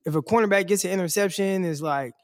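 A man's voice: sits high, fast. A man co-hosting a sports podcast in casual chat, talking loosely with lots of fillers and slang. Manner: loose and rambling, heavy on "like" and "bro".

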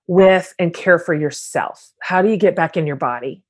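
A woman hosting a podcast, talking loosely and warmly, with plenty of "like" and quick agreement. Her voice sits on the lower side and the talk is relaxed and conversational. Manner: warm, enthusiastic, filler-heavy questions. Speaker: podcast host. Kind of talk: casual interview chat.

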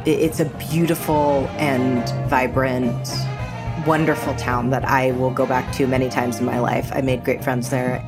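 Woman, American accent, very low pitch, lively storyteller, casual chat. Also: moderate pace, over music. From New York. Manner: animated storyteller, slips into voices. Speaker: actor and guest.

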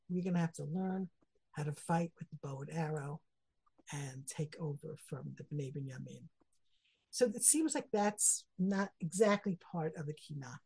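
A woman's voice: low voice, gravelly, a little mellow, slightly rough, rough recording. A middle-aged woman teaching a Torah text study lesson, earnest and reflective, weaving Hebrew phrases into her English explanations and getting emotional about the verses.

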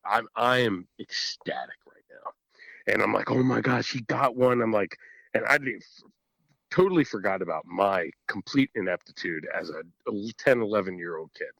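A man telling a hunting story in a casual podcast chat, animated and swearing freely, often laughing. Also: fairly low pitch, moderate pace, creaky, no room sound, rough recording. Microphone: podcast microphone.

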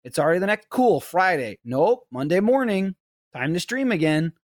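A man in his thirties with a slightly high voice tells lively stories on a podcast, swearing freely and slipping into a squeaky kid voice when he quotes his daughter. The sound is close and dry, with no room around it. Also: normal speed, no echo. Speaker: podcast host. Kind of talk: casual chat.

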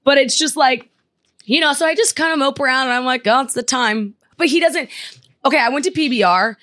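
A young woman chatting on a podcast, animated and quick to act out what people said. Her voice sits a touch higher than most. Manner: animated storyteller, acts out quoted dialogue. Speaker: podcast co-host. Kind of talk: casual chat.

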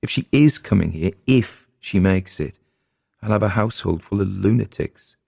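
A worn-out, blunt farmhouse husband that a man reads aloud, grumbling and cursing in a deep, gravelly voice. The dry, close recording keeps every rough edge of his tired storybook speech up front. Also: animated, normal speed, warm tone, no echo, full character voice. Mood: weary. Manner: blunt, exasperated, swearing. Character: weary middle-aged farmhouse husband, gruff.

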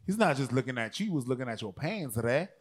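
Lively-voiced man teasing his friends. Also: medium pitch, fast, breathy edge. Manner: teasing, joking reactions. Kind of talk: casual banter.

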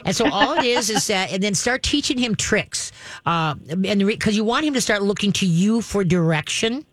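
A woman's voice: medium pitch, lively intonation, normal speed. A woman, hosting a call-in radio show and giving callers firm, chatty dog training advice. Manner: direct, instructive, chatty with laughs.

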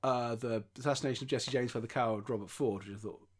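A man's voice: mid-range voice, steady tone, quick pace. A man co-hosting a film podcast in casual, teasing chat over a remote call, laughing often. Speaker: podcast co-host.

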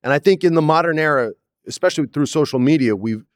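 An actor in his forties, a guest in an in-person studio interview, tells stories in a smooth, fairly high voice at a quick pace. He's animated, acts out the quotes and says "man" a lot. The recording is dry with clean studio sound.

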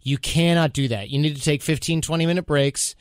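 A male podcast host talking casually, handing out advice in an animated way and acting out quotes. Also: fairly high pitch, fairly quick, no echo, studio quality. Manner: animated, advice-giving, mock-quoting himself.

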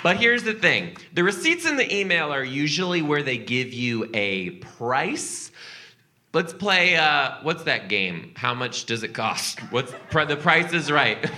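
A man doing stand-up crowd work and telling a story, animated, profane and teasing with the audience. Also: a little high, measured pace, slight background noise. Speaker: comedian and podcast host.

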